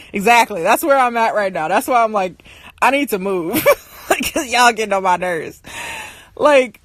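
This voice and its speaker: Young woman, high lively voice, laughing rants, dry close sound, phone live stream from home. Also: dry recording. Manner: animated, laughs through her stories; ranting, exasperated. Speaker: livestream host. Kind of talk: casual storytelling to viewers.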